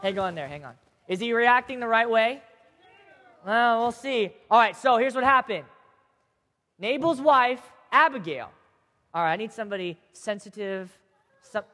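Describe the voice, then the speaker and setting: A man teaching a group of kids, telling a Bible story in a chatty, animated way and checking in with them often. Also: very high-pitched. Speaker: youth teacher. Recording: long hall reverb.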